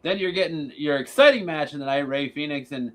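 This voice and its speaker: A man's voice: on the high side, brisk, fairly bright tone, slight background noise. A man co-hosting a casual wrestling podcast, blunt and sarcastic as he runs through lists of matches. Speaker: podcast co-host. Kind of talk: casual wrestling recap chat.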